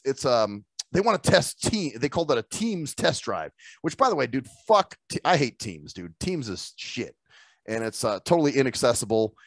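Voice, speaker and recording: A man's voice: mid-range voice, no room sound. A man co-hosting a casual chat, swearing freely and laughing through his stories. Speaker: podcast co-host.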